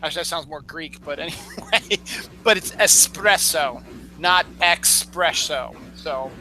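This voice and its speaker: A man's voice: fairly high pitch, moderate pace, pushed and bright, poor audio. A man co-hosting a casual chat, explaining how words are said, chuckling and tripping over his own words. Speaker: co-host.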